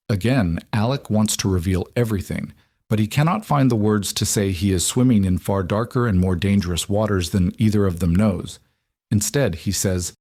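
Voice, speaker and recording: A man narrating a novel as an audiobook, in measured storytelling with varied intonation on a close studio mic. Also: lowish voice, expressive, a little mellow, no echo. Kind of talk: scripted narration.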